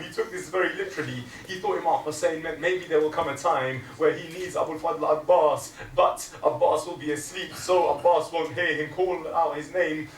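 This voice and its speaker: Impassioned male preacher in an echoey hall. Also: a little hiss or hum. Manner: builds from quiet and low to loud, impassioned retelling. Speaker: speaker at a mourning gathering. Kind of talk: religious sermon. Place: hall of a gathering. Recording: echoey hall, mic at a distance, faint ambience.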